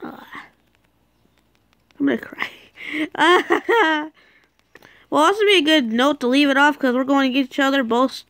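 A woman giving casual, excitable commentary while playing a game, with dramatic outbursts and mock sulking. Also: high-pitched, fairly quick, no room sound. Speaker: gameplay commentator.

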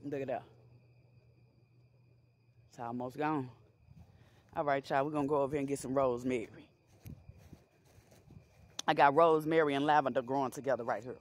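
A woman in a casual home remedy vlog, chatty and folksy, calling viewers baby and y'all, slowing down whenever she reads from her notes. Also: extremely low pitch, fairly even intonation. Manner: slows down when reading from notes. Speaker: holistic healer vlogger. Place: home kitchen and backyard garden.

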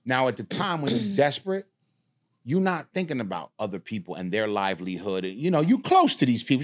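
A man's voice: mid-range voice, brisk. Middle-aged new guy telling a wild story on a podcast, swears a lot, voice jumps all over. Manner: animated, streetwise storytelling with swearing. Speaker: podcast guest. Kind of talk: casual storytelling.

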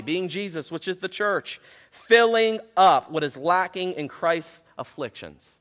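A pastor delivers a sermon with animated, self-mocking storytelling. His voice sits high and bright. A long reverb from the church hall trails behind each phrase. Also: moderate pace. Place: church sanctuary.

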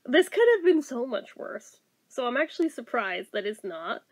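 A woman giving a casual, excitable movie review who swears freely, laughs easily and talks in a chatty, rambling way full of fillers. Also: fairly high pitch. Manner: excitable and animated, quick to laugh.

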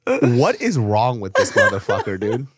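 A man's voice: mid-range voice, wildly swooping pitch, moderate pace, slightly rough. A man co-hosting a casual podcast, reacting with blunt, profane jokes. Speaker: podcast co-host.

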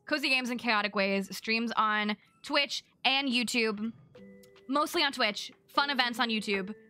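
A bubbly young woman chats with her live-stream audience while she plays. Her voice sits a little high and sounds bright and crisp. Soft music plays behind her. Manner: bubbly, chatty, thanking chat and giggling. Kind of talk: casual live-stream chat while gaming.

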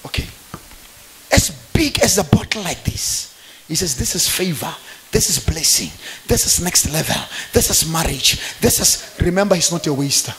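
A man's voice: fairly high pitch, lively intonation, normal speed, fairly bright tone. A man preaching a fervent conference sermon, throwing call-and-response questions to the congregation. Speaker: pastor. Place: church conference.

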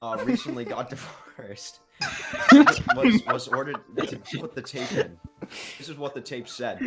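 Joking man with a lively voice. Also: medium pitch, measured pace, over a noisy crowd. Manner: joking, laughs mid-sentence. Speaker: player presenting a made-up creature file. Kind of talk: casual comedic reading on a group call.

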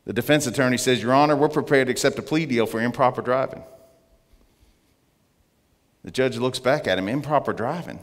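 A man giving an earnest testimony as a guest speaker in church, slowing down to stress his points. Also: mid-range voice. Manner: earnest storytelling, slowing for emphasis. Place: church sanctuary. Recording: long church reverb.

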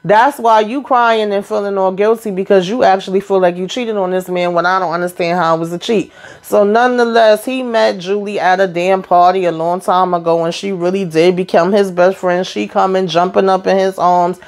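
A woman's voice: mid-range voice, fairly even intonation, normal speed, darkish tone. A woman casually recapping a reality TV episode for her viewers, chatty and slangy, with sassy asides to the audience. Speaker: TV recap YouTuber.

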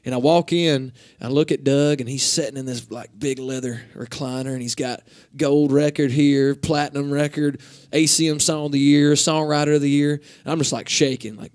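A man's voice: medium pitch, steady tone, normal speed, darkish tone. A young man from Northeast Georgia with a Southern accent, a country singer chatting and joking casually between songs in a radio station lounge. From Northeast Georgia, USA. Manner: joking, rambling, easygoing. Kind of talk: casual on-stage banter.

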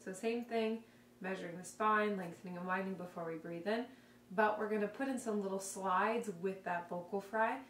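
A woman vocal coach guiding a vocal warm-up with calm, step-by-step cues. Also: mid-range voice. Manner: calm, slow step-by-step cueing. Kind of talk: guided vocal warm-up instruction. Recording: roomy, heard from a distance, faint hum.

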